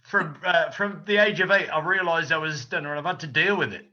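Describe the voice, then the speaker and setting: A man walks a friend through a recipe on a live stream, joking and teasing between steps. His voice is very bright and fairly high. The audio comes through a dull, lo-fi video call. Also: fast talker. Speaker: cooking guide on a live stream. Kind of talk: casual live-stream chat.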